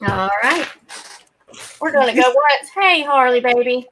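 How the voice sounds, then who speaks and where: A woman co-hosts a casual live auction, calling the bids and adding quick joking remarks. Her voice is high and clearly bright. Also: slight background noise, rough recording. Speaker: auction co-host.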